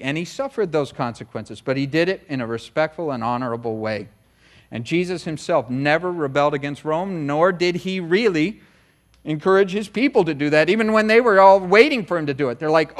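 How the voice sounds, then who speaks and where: A middle-aged American man preaching a conversational sermon as pastor, often acting out short voices of other people. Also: on the high side. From United States.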